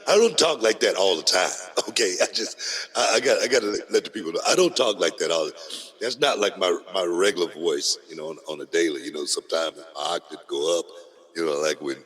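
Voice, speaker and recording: A middle-aged man with a very deep yet bright voice talks in a lively, animated way. His tone is a little husky, and the sound rings with a long hall reverb. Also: fairly quick. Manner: animated, laughs often, repeats words. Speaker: podcast host. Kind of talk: casual podcast chat.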